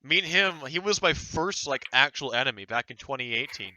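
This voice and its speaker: A young man in his late teens telling stories in casual podcast chat, animated and laughing, acting out others' lines mockingly. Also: mid-range voice, a little fast, no echo, poor audio. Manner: laughing, animated storytelling with mocking quoted voices.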